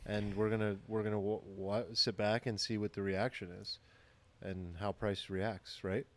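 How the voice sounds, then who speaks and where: A man co-hosting a podcast, giving measured opinions in casual chat. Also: on the low side, flat delivery, fairly bright tone. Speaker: podcast co-host.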